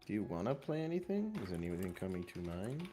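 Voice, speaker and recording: Deep-voiced man chatting offhand. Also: brisk, faint music behind. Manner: relaxed, offhand, casual swearing. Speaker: co-host friend on a call. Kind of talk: casual chat.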